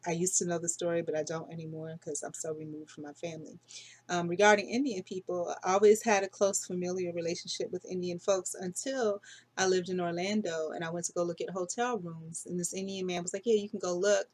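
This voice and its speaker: A woman's voice: fairly low pitch, little pitch movement, brisk. A middle-aged woman talking casually through her dreams in a rambling, unsure way, full of fillers and self-corrections. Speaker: dream vlogger. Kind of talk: casual dream diary monologue.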